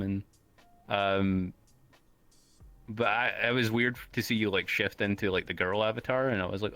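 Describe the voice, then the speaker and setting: An easygoing male host chatting casually in a slangy, relaxed way. His voice sits on the low side but sounds bright and forceful in tone. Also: moderate pace, pauses often, clear, resonant tone, faint music behind. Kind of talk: casual interview chat.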